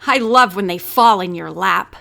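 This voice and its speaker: A woman's voice: mid-range voice, normal speed, vocal fry, pushed and bright, voice pushed down. A woman reading an audiobook, voicing a pushy, flippant male newspaper reporter. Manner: brash, mocking. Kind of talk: audiobook character voice.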